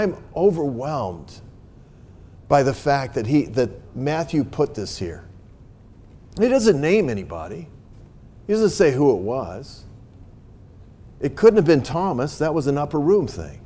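Lively, earnest preaching man. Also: medium pitch, a little slow, long pauses. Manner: earnest, builds to emphatic peaks; frequent restarts and repeated words. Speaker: pastor. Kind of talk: sermon.

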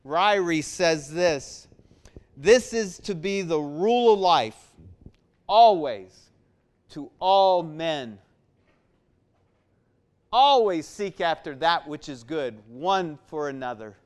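A man's voice: fairly high pitch, expressive, slow pace, clear, resonant tone. A man preaching a sermon to his church, repeating words for emphasis and building in force. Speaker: pastor.

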